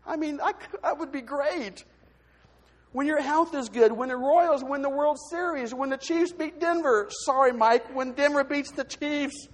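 A man giving a testimony from the pulpit in church, telling his story with lively, acted-out voices. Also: extremely high pitch, a little slow. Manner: animated storytelling, acts out quoted voices. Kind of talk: sermon testimony. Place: church sanctuary. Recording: long hall reverb.

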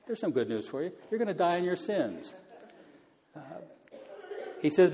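A man explaining Bible passages in a relaxed, conversational teaching style, with many fillers. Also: medium pitch, unhurried, pauses often, in a large hall. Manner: conversational, many fillers, paraphrases scripture casually.

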